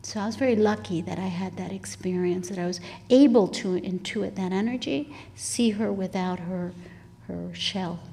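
Woman in her 60s, author on stage, earnest reflective storytelling, mid pitch. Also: moderate pace. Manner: earnest and reflective, drops to soft breathy asides. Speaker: author guest. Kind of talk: conversational storytelling.

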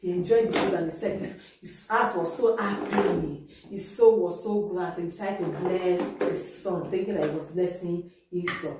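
A woman's voice: fairly low pitch, normal speed. Woman telling a Bible story to children. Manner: lively, checks listeners often. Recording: very echoey room, distant mic, noise.

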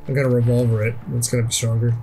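A man giving casual, excitable gameplay commentary, swearing often and yelling at the game. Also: medium pitch, rapid-fire, music in the background. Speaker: let's play co-host.

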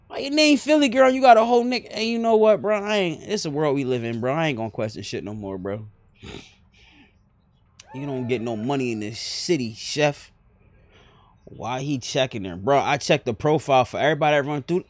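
A young man with a strong New York accent talks in a high, bright register. His banter is brash, streetwise and full of swearing, like live roleplay chat on a stream. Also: lively intonation, a little fast, no echo. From New York area and New Jersey. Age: young adult. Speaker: streamer playing a roleplay game.

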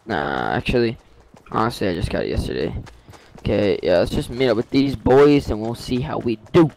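A man's voice: on the low side, lively intonation, normal speed, vocal fry, a little mellow, slight background noise, rough recording. A man gaming with friends over voice chat, full of joking, teasing banter. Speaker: gamer. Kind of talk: casual voice chat while gaming.

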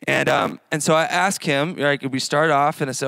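A man in his thirties gives a relaxed sermon to a young adults group. His voice sits a bit high for a man, and he rambles through his story full of fillers and restarts. The sound is dry and close, with no room echo. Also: moderate pace, gravelly, hardly any pauses. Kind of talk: casual sermon.

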